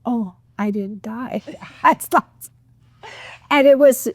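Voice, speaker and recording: A middle-aged woman, a pharmacist guest on a podcast, recounting a personal story in a heartfelt, expressive way and acting out what people said. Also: a little high, slow, dry recording, studio quality. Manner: heartfelt, expressive retelling with acted-out quotes.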